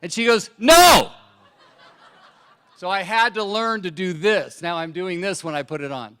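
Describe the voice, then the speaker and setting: A man on a conference stage telling a lively product story into a handheld mic, acting out other people's lines. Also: high voice, brisk, a little hiss or hum. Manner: animated storyteller, acts out his wife's lines. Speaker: distributor sharing product testimonial. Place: large conference hall on stage.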